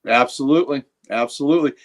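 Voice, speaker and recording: A man with an everyday mid-range voice chats on a live comic book stream. He rambles easily and fills his pauses with uhs and ums, sounding relaxed and unhurried. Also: mid-range voice. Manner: easygoing, rambling, with fillers. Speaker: co-host. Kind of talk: casual chat.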